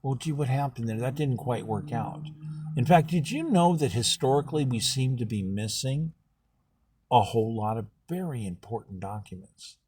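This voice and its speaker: A man speaking as a political candidate, telling a history story in an animated way and acting out the people in it. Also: mid-range voice, normal speed, husky. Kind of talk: campaign talk with storytelling.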